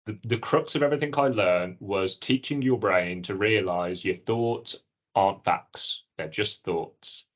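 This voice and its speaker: A man with a fairly low voice talks casually as a podcast co-host. He tells his story earnestly and animatedly, slipping into little acted exchanges with himself. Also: a little slow. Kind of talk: casual chat.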